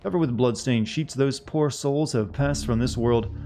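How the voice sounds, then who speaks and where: A man's voice: medium pitch, normal speed, mellow, soft background music. Man reading game text on a stream. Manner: reads on-screen game text aloud between joking asides; casual chat with viewers. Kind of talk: live-streamed gameplay commentary.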